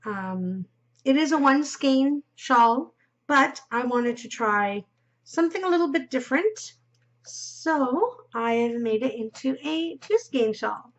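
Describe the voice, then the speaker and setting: A woman's voice: high voice, expressive, slow. A woman hosting a knitting podcast, chatting casually and rambling as she knits, giggling and dropping into murmurs, yawning now and then. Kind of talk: casual chat while knitting. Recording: dull lo-fi recording.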